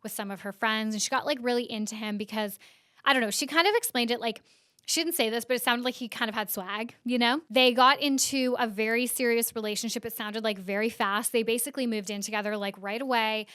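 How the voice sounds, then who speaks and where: Chatty woman with a smooth voice. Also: fairly high pitch, brisk, bright, forceful tone, no echo, studio quality. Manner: chatty, lots of "like" fillers. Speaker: podcast host. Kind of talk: casual news recap.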